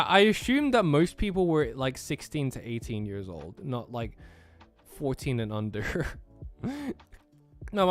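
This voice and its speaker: A man with an American accent, raised in Australia, chatting casually on a live stream, reading out chat questions and laughing often. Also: mid-range voice. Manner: laughs often, easygoing, trails off with fillers.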